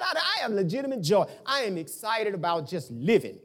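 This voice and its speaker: A man preaching a sermon in a loose, colloquial way, now and then breaking into shouts. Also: very high voice, fast, few pauses. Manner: animated, colloquial, bursts into shouts.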